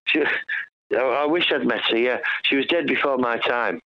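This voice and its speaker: A man's voice: mid-range voice, normal speed, muffled recording. A male musician guest telling rambling, joking stories in a casual radio chat. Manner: rambling, joking, with many restarts.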